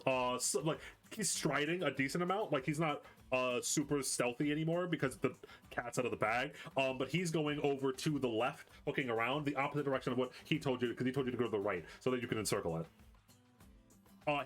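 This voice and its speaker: A man serves as game master for a tabletop game, narrating scenes in a loose, rambling way full of fillers. His voice sits at an ordinary middle pitch, and faint music plays underneath. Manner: casual, rambling, with many fillers.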